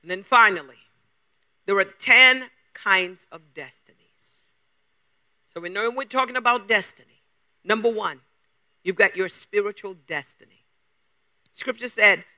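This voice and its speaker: Male preacher with a very high, bright, forceful voice and an emphatic question-heavy delivery. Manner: emphatic, fires rapid rhetorical questions. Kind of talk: sermon.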